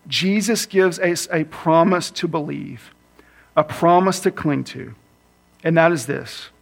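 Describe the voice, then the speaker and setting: A man in his thirties preaching a sermon, earnest, slowing and speeding up for emphasis. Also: creaky. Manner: earnest, varies pace for emphasis, acts out his kids with a higher voice. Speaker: campus minister preaching.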